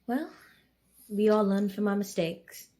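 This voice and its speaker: A woman player in a tabletop game, answering gently in character. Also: medium pitch, measured pace. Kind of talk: tabletop role-play.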